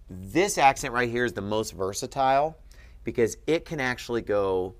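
A man with a fairly low voice teaches at a board, calm and patient. He walks through each point step by step and keeps checking that his listener follows. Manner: patient, checks in with frequent "okay?". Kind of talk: explaining grammar at a board.

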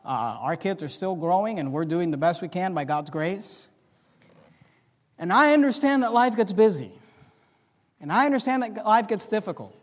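A man preaching a sermon as pastor, swinging from low confiding talk to loud rising exhortation. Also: animated, normal speed. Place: church sanctuary. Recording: long reverb of a church hall.

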